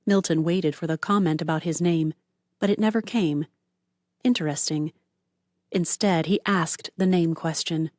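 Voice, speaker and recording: A woman narrating an audiobook in an even, measured storytelling manner on a close mic. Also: low-pitched, no echo.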